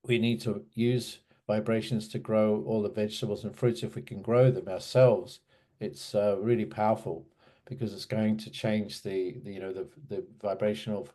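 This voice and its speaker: Older aussie guy, 60s, rambling interview guest, lowish mellow voice, keeps restarting his sentences. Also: level tone, moderate pace. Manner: meandering storyteller, many restarts and asides. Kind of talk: reminiscing in a casual interview.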